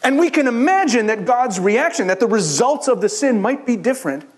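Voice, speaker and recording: A middle-aged man from Israel, a rabbi giving a sermon-style Bible teaching to a church audience, telling the story with lively asides and acting out the characters' lines. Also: very high voice, brisk. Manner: animated storytelling, acts out the biblical characters in quoted voices.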